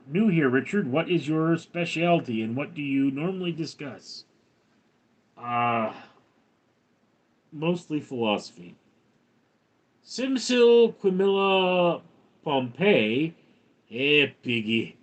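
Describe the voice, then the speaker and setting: Slow deadpan older man reading chat. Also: on the high side. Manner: reads viewer comments aloud, dry and deadpan. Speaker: livestream host reading chat. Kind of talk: casual livestream chat.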